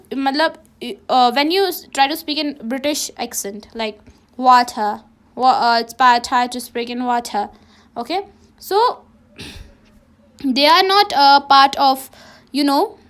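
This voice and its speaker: High-voiced woman teacher saying "okay?" often. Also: a bit bright. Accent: Ladakhi. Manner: repeats "okay?" after nearly every sentence; many restarts and self-corrections. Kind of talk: classroom lesson. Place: classroom.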